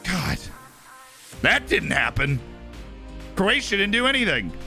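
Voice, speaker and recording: A man's voice: high voice, big pitch swings, slow, bright, forceful tone, faint music behind. A man hosting a live stream, chatting casually about football and rambling with lots of "right?" and "like". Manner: rambling, tags "right?" and "like" often.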